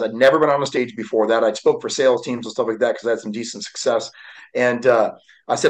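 A man's voice: medium pitch, steady tone, quick pace, low-quality recording. A man in his forties, a guest speaker telling his life story in a candid, heartfelt way with frequent fillers. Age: 40s. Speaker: guest, motivational speaker and author. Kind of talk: emotional personal storytelling.

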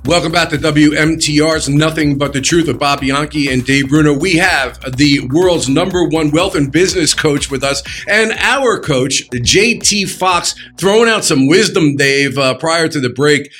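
Man, radio co-host, loud upbeat intro, faint music behind. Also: on the high side, measured pace, few pauses. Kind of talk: radio show hosting. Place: radio studio.

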